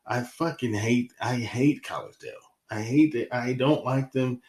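A man's voice: medium pitch, moderate pace, a little mellow. A man hosting his own podcast, ranting in a heated, profane, rambling way. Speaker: podcast host. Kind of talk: casual solo podcast monologue.

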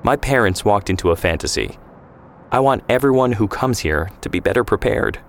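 A man's voice: on the low side, lively intonation, normal speed, slight background noise. A man voicing a confident, teasing young man in an audio story, wry and matter-of-fact.

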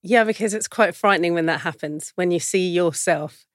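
A woman, a resident psychotherapist, explaining her thoughts in a measured conversational way. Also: fairly low pitch, no echo, studio quality. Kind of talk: conversational podcast chat.

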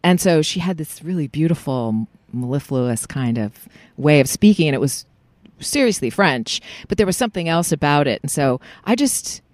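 A voice actor chats as a guest, telling stories with lots of fillers and restarts. The pitch swings widely and stays animated. The recording is dry and close. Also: normal speed, few pauses, no room sound. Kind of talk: casual interview chat. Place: recording in a parking lot.

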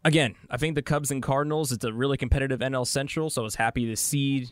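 A man's voice: mid-range voice, steady tone, fast, dry recording. Give me a man co-hosting a sports podcast in an easygoing, casual way. He often stammers as he starts a sentence. The sound is dry and close. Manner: easygoing, stammers on first words. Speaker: podcast producer and co-host.

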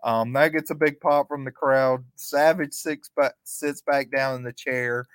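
A man co-hosting a podcast, recapping events play by play in a relaxed, chatty way and chuckling often. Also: medium pitch, measured pace, smooth, no echo. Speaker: podcast co-host. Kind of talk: casual recap chat.

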